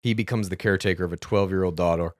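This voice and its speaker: A man co-hosting a comedy podcast, riffing in a deadpan way and pitching jokey ideas. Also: very fast, no room sound, studio quality. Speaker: podcast co-host. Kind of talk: casual comedic chat.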